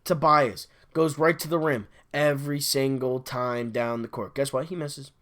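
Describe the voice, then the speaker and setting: A man's voice: mid-range voice, steady tone, moderate pace, a bit bright. A man hosting a sports podcast, delivering an exasperated solo fan rant, repeating his complaints over and over. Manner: exasperated, repetitive ranting.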